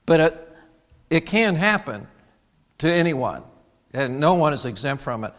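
A man's voice: a little high, sing-song, unhurried, fairly bright tone. A middle-aged man preaching a sermon as pastor, earnest and personal, often restarting his sentences. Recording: long hall reverb.

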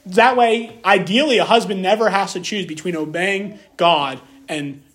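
A man's voice: high voice, moderate pace, fairly bright tone. A man preaching a sermon, reading scripture aloud and then explaining it with emphatic repetition and rhetorical questions. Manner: emphatic, repeats key phrases, rhetorical questions.

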